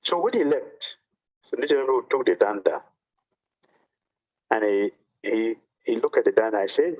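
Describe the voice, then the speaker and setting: A man, a monk, telling a devotional story in a sermon with animated delivery and frequent repetition of phrases. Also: mid-range voice, normal speed, pauses often, dull audio. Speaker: monk giving a talk.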